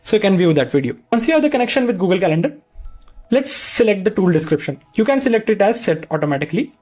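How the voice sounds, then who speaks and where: A man presenting a screen-recorded software tutorial, explaining each step in a plain, patient way into a desk microphone. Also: high voice, sing-song, fast talker, soft background music.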